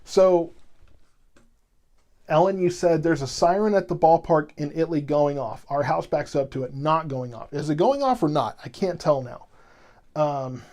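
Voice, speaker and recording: A man's voice: on the high side, moderate pace, a little mellow. A man hosting live severe weather coverage, explaining at length to viewers with many restarts and repetitions. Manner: rambling, repeats himself, explains patiently to chat. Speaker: weather stream host.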